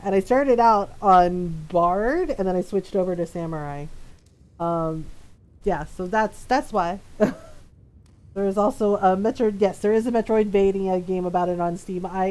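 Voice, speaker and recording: A woman streams a video game and chats casually about the gameplay, rambling and giggling often. Her voice is fairly low-pitched with a darkish tone.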